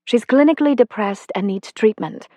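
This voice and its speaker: A woman reading an audiobook puts on a kind female doctor with a slight accent, set a little higher than a plain reading voice. She speaks in a gentle, measured, reassuring way. The sound is close and dry, with no room around it. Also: no echo, lightly acted. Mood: calm reassuring.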